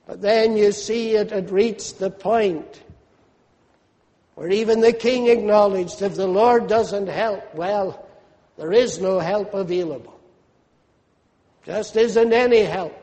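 A man's voice: high voice, takes it slowly, pauses often, dark tone. A man preaching a sermon with fervent, swelling emphasis. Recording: long hall reverb.

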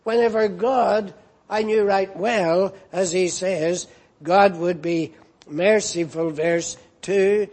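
Slow, husky-voiced male preacher. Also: high-pitched, fairly even intonation. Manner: preaching with emphatic rises and quiet, drawn-out questions. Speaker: minister. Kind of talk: sermon.

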